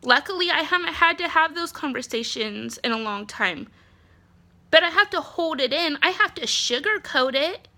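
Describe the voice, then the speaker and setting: A woman in her thirties vents straight to camera, blunt and fed up, with plenty of ums and the odd curse. Her voice is stuffy and nasal from congestion, yet it comes across bright and crisp, sitting a little above the usual pitch for a woman. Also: animated, normal speed. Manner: frustrated, blunt, swears, many ums. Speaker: vlogger, spouse of an ill partner. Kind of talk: casual venting monologue.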